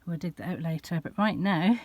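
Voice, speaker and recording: A woman's voice: lowish voice, a little fast, no room sound. A woman vlogging outdoors at a countryside park-up, chatting casually to a handheld phone camera, rambling with frequent ums. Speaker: vlogger travelling with her cats. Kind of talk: casual vlog talk to camera.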